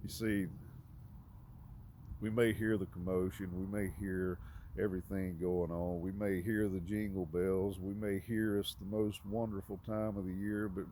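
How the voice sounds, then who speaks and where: A man giving an informal, conversational sermon, halting often with fillers and restarts. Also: low voice, little pitch movement, mellow, slight background noise. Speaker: preacher.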